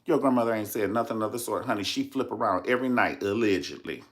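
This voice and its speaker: A man's voice: on the low side, fast talker. A man hosting a casual celebrity gossip vlog, sassy, dramatic and profane, calling his viewers "honey" again and again. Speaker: vlogger host.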